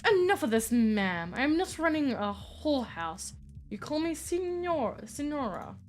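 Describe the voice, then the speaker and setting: A woman's voice: a little high, very animated, normal speed, a bit bright, soft background music. A woman voicing a haughty, aristocratic female Renaissance vampire who speaks in an imperious, clipped way.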